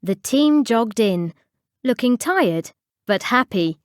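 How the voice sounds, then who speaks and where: A woman's voice: on the high side, expressive, slow pace, no room sound, clean studio sound. A woman reading a storybook aloud expressively for English learners. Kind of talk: storybook narration.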